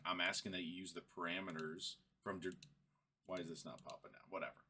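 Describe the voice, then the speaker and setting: A man's voice: sits low, fairly even intonation, fairly quick, bright, forceful tone, a little hiss or hum. A young man recounting a frustrating chat in a casual rant, exasperated and building to laughing frustration. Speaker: vlogger. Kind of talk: casual screen-recorded rant.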